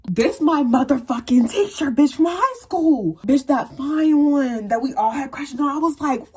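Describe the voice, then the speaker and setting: A young woman telling a storytime vlog, animated and profane, squealing into high voices for quoted lines. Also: moderate pace.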